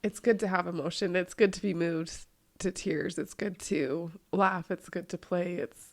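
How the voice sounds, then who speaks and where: Female co-host, slightly low pitch, gently encouraging in casual talk. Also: steady tone, moderate pace. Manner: warm, encouraging, reflective. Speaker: podcast co-host. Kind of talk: casual chat.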